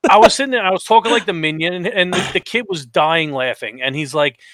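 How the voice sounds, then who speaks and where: Guy on a gaming podcast, kinda high voice, acts out everyone's lines when telling stories. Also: fast talker. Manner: animated storytelling, acts out quotes. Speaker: podcast co-host. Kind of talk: casual podcast chat.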